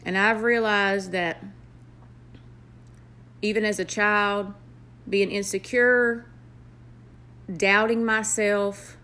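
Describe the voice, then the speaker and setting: Southern woman, young, earnest heartfelt vlog talk, slow and deliberate delivery. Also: medium pitch, fairly even intonation, bright, forceful tone. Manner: earnest, heartfelt, with pauses and fillers. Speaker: nurse vlogger. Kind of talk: motivational vlog.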